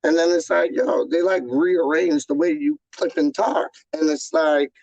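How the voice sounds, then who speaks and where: Slangy man a gravelly voice. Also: fairly high pitch, a little slow, no room sound, lo-fi sound. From London, England. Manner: slangy, repeats "dog" and "man" at line ends; rambling, animated. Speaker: YouTube channel host. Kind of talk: casual live chat with viewers.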